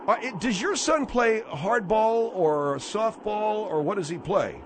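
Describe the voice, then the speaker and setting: A male radio talk show host who grows exasperated and bursts into yelling. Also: sits high, lively intonation, a little slow, noisy background.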